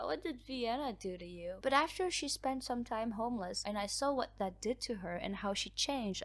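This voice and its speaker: A woman hosting a book channel, chatting casually as she reads out viewer comments. She laughs often, mocks herself, and her voice is cracking. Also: mid-range voice.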